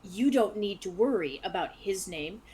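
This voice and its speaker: Brief: gruff, curt male guard in a tabletop game, put on by a woman. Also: mid-range voice, lively intonation, normal speed, mellow, natural voice. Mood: stern. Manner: curt, threatening.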